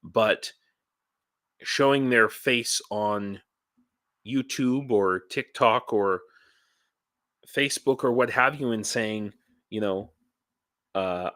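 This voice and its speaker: Slow, low-voiced man ranting on a vlog. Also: a bit bright, no echo, studio quality. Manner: halting, rambling, many restarts and fillers; ranty, blunt with swearing. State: tired, dehydrated. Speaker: YouTuber and volunteer in Ukraine. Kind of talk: casual vlog monologue.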